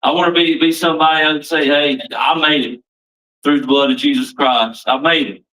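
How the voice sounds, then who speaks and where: A man's voice: fairly high pitch, fairly even intonation, normal speed, pushed and bright, distant mic, low-quality recording. A man giving a plain-spoken, emphatic personal testimony at a recovery meeting, repeating himself for weight.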